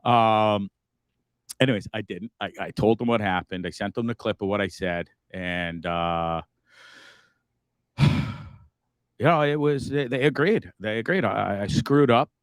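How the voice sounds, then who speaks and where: A man's voice: on the low side, measured pace, pauses often, clear, resonant tone, no room sound. A man from Canada hosting a live stream, rambling and remorseful, swearing freely and stammering through restarts. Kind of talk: casual live-stream monologue. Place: inside a bus.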